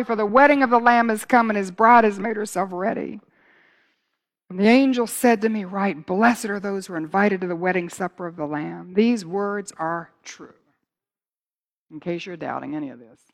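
Fervent woman preacher, hushed to ringing. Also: mid-range voice. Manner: builds from hushed to loud and fervent. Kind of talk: sermon.

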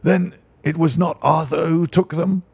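A man's voice: a little high, a little slow, creaky, husky, dry recording, pitched above the performer's own voice, exaggerated voice. A man voicing a distraught, emotional banker who pleads and exclaims. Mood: eager. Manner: pleading, excitable, rising. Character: distraught middle-aged male banker, emotional.

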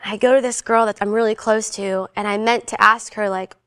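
A woman telling a personal faith story in a casual, animated way, briefly acting out the voices of the people in it. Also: medium pitch, fairly quick, smooth, no echo, studio quality. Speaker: guest sharing her faith testimony.

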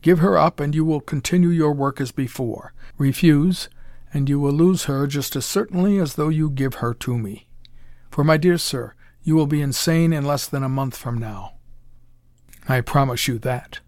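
A man's voice: a little high, moderate pace, dry recording, clean studio sound, close to an everyday voice. A man reading a suave, menacing mad-scientist villain. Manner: smooth, calm, condescending.

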